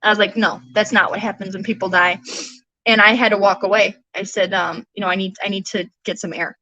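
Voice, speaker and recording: Young mom telling what happened, bright voice, dry close sound. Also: female voice, medium pitch, fairly even intonation, fairly quick, no room sound, dull audio. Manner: earnest, retelling events with quoted dialogue. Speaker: guest, bereaved mother. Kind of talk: personal testimony in a podcast conversation.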